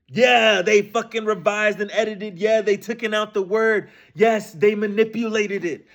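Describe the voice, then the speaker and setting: A man, ranting casually about scripture in a profane, animated way, full of repeated rhetorical questions. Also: high voice, a little slow, creaky, few pauses. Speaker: streamer discussing scripture.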